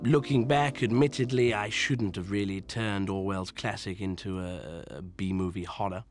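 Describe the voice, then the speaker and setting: An actor playing a vain, pompous older male film director, answering with deadpan self-importance in a mock-documentary interview. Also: fairly low pitch, normal speed, soft background music, natural voice.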